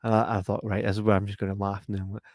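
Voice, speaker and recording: Racing along on an echo-free recording, a Scottish co-host of a podcast spins a story in easygoing conversation. He plays the other people in it with dramatic pitch jumps and keeps breaking into laughter.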